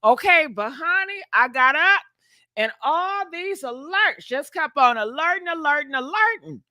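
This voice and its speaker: Sassy woman gossip host, high bright voice, dry close sound, chatty with viewers. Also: animated, a little slow, dry recording. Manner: laughs often. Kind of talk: casual live-stream gossip chat.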